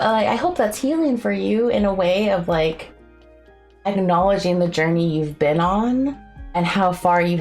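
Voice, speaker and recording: A woman's voice: on the low side, creaky, a little mellow. A young woman chatting casually on a live stream, rambling and giggling often, with a self-deprecating streak. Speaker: streamer and artist.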